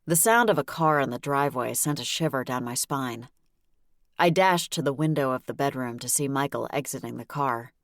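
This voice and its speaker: A woman narrating a novel in the first person, with a wry, brisk delivery. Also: a bass voice, dry recording, clean studio sound. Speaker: audiobook narrator.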